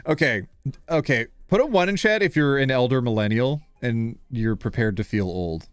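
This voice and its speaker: A man's voice: medium pitch, lively intonation, moderate pace, clear, resonant tone, no echo, faint music behind. A man in his thirties hosting a live stream, playful and self-deprecating, fumbling over names and joking with chat. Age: 30s.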